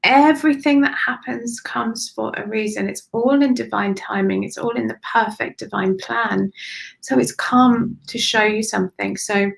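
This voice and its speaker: A woman doing live spiritual readings for viewers, speaking softly and affectionately, with sighs and drifts into whispers. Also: on the high side, normal speed, low-quality recording. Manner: emotional, breathy sighs and gushing warmth. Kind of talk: live-streamed channelled readings.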